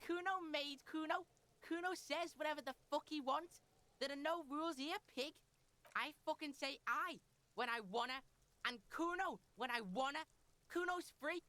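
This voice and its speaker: A woman's voice: high voice, moderate pace, sharp tone. A woman voicing a defiant, foul-mouthed street boy who talks about himself in the third person in a video game. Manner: brash, swearing, speaks of self in third person.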